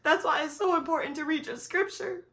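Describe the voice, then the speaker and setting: A young woman with a bright, clear tone talks into her camera in a candid personal vlog. She sounds tired and close to tears. She addresses her viewers directly and speaks with open feeling. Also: sits high, brisk. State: tearful and tired. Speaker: vlogger. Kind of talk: emotional personal vlog talk.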